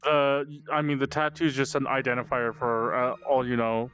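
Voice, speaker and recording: Smooth-voiced man running a tabletop game. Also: mid-range voice, monotone, normal speed, a bit bright, dull audio, soft background music. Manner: stammering restarts, laughing asides. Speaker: game master. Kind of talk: casual tabletop game narration.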